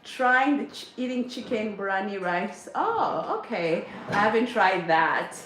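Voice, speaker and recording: A woman's voice: medium pitch, big pitch swings, unhurried, a bit bright. A middle-aged woman hosting a casual livestream from her home kitchen, chatting with viewers and reading their comments while she cooks. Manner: chatty, reads viewer comments aloud, frequent laughs. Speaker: livestream host, mother of a large family. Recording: echoey kitchen with faint noise.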